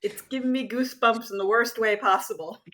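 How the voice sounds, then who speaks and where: A woman playing a tabletop game, nervous and giggly with halting speech. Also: fairly high pitch, bright, forceful tone, low-quality recording. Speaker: player.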